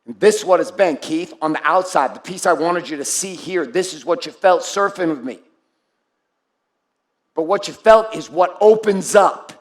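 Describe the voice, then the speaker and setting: This is a live motivational talk from a man with a high-pitched voice, captured with reverb. He's blunt, profane and fierce, addressing members of his group by name.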